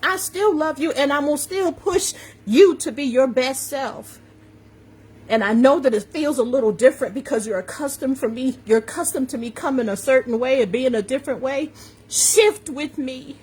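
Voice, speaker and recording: A woman's slightly high, husky, somewhat mellow voice moves at a moderate pace. She's a coach with a slight New York accent, delivering a motivational talk on a social media live stream through a phone or webcam, emphatic and preachy, circling back to key phrases and calling out viewers by name.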